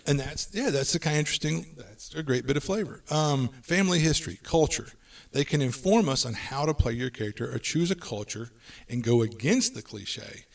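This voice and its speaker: Male podcast host, brisk list-driven delivery, sits a bit back from the mic. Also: a little high, lively intonation, vocal fry, distant mic. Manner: brisk, runs through lists of tips. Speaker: podcast host giving tabletop game advice. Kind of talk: casual podcast chat.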